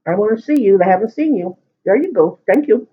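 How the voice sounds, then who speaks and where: Man, high-ish voice, chatty home-video eater rambling on, muffled lo-fi sound. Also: lively intonation, a little fast, breathy edge. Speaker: mukbang vlogger. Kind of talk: casual chat while eating. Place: at home at the dinner table.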